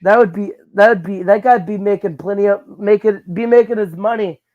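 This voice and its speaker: Man, high voice, rambling improv podcast co-host, stumbles over words; dull lo-fi sound. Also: brisk. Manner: rambling, stammering, acts out silly characters. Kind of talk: improvised comedy chat.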